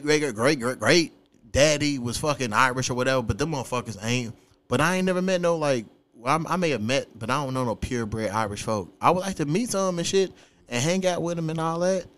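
Profane, animated man hosting. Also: a little high. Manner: profane, animated, laughing often. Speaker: podcast host. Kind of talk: casual podcast chat.

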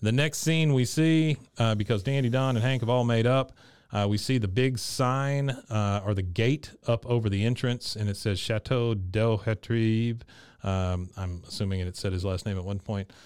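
A man's voice: on the low side, normal speed, darkish tone, clear, resonant tone, no room sound, studio quality. A man co-hosting a podcast, casually retelling scenes from a cartoon episode and quoting the characters' lines in his own voice. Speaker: podcast co-host recapping an episode. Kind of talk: casual chat.

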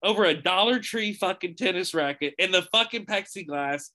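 A man's voice: high-pitched, moderate pace, bright, forceful tone. A man guesting on a podcast, telling funny stories in casual chat and swearing freely. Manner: comic storyteller, swears freely.

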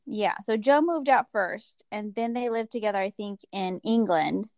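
A woman's voice: medium pitch, moderate pace, a little mellow, no echo. Chatty woman podcast co-host, dry sound. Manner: chatty, laughs often, eating popcorn. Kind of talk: casual chat.

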